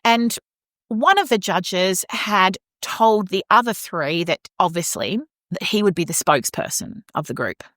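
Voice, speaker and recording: Australian woman, podcast co-host, lively storyteller, mid-range voice, dry close sound. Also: mid-range voice, measured pace, no echo. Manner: animated, acts out quoted voices. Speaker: podcast co-host and opera singer. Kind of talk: casual storytelling chat.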